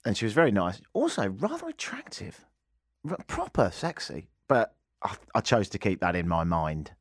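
This man from England, with an English accent and a lowish voice, talks at a moderate pace with big pitch swings. He hosts a radio show full of joking, self-mocking casual banter, recorded dry at studio quality on a studio microphone in a radio studio.

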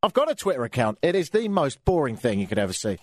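A man's voice: mid-range voice, big pitch swings, fast talker, no echo. An English man hosting a talk radio show, grumbling through a sardonic rant into a studio microphone. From England.

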